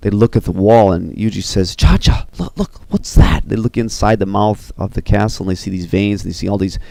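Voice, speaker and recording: A man casually recounting the scenes of an animated film, animated and full of "you know" and "uh". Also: on the low side, fast, vocal fry, dry recording. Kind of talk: casual retelling.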